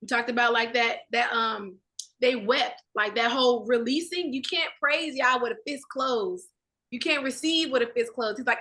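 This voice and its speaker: Bright, animated woman talking faith. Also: fairly high pitch, moderate pace. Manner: animated, preachy, acts out inner dialogue. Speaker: Bible study participant. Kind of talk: casual faith discussion.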